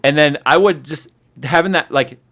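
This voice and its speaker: A man hosting a casual livestream chat, telling stories in an animated way and acting out the scenes. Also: a little high, moderate pace. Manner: animated storyteller who acts out scenes. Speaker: host.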